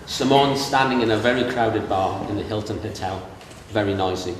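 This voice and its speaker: In the big reception room of a castle wedding, a middle-aged English best man recites a humorous speech from memory, acting out characters' voices as he tells his stories. He talks at a normal speed in a lowish voice. The audio is distant and reverberant, with noise from the room.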